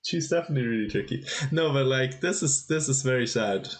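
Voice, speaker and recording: A man's voice: mid-range voice, lively intonation, fairly quick. Male chess streamer, casual live commentary, mid-range voice, talkative and reactive. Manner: chatty, thinks aloud, exclaims at blunders.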